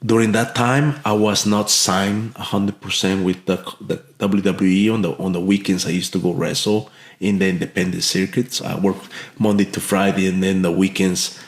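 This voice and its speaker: A man's voice: sits low, fairly even intonation, moderate pace, hardly any pauses. A man from Mexico telling a heartfelt story as a podcast guest, earnest and full of restarts and fillers. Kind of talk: storytelling in an interview. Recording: echoey room.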